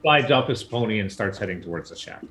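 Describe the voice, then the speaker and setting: A man narrating a tabletop game as dungeon master, relaxed and laughing often. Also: on the low side, fast, a little hiss or hum.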